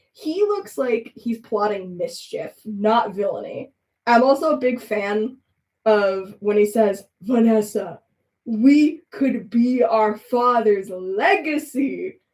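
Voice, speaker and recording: A young woman chats and rambles through a live art stream, often breaking into giggles. Her voice sits a little high and rings in a roomy space, picked up from away from the mic. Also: a little mellow, recorded from a distance. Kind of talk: casual chat while drawing. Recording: echoey room, voice off-mic.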